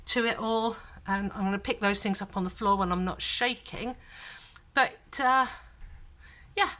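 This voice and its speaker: Chatty bright-voiced woman. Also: mid-range voice. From southern England. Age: middle-aged. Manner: chatty, rambling, with many fillers and restarts. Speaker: vlogger. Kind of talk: casual vlog chat. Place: home.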